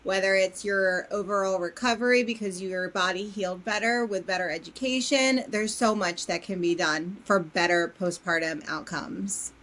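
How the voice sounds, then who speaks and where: A woman's voice: mid-range voice, moderate pace, hardly any pauses, a bit bright. A woman guest in a casual interview who explains in an earnest, promotional way. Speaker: company CEO guest.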